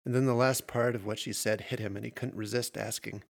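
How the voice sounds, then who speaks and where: A man narrating horror fiction in a measured storytelling voice. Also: mid-range voice, fairly even intonation, vocal fry.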